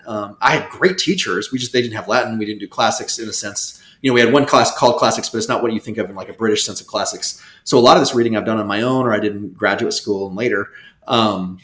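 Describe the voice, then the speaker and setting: A man speaking as a guest scholar in a casual interview, animated and rambling, with many restarts. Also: on the low side, quick pace, reverberant.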